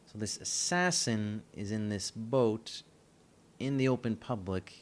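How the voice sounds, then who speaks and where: A man's voice: fairly low pitch, expressive, a little slow. A man co-hosting a film review podcast, chatting casually with dry, teasing humor. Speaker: podcast co-host.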